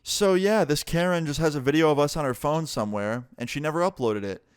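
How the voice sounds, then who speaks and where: Young guy vlogger doing a story time, smooth clear voice, swears a lot, dry close sound. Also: on the high side, brisk, no echo. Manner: animated, swears freely.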